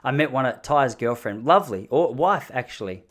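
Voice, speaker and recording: A man's voice: mid-range voice, normal speed. Man telling stories animatedly. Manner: animated, jokey storyteller. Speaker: podcast host. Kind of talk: casual storytelling.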